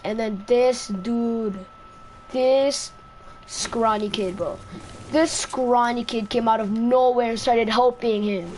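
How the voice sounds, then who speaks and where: A woman's voice: fairly high pitch, fairly even intonation, takes it slowly, a little mellow, slight background noise. A woman telling a casual storytime, rambling, repeating herself and asking "right?" after most lines, into a close mic. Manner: rambling, repeats itself, says "right?" often. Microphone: own mic close to the face.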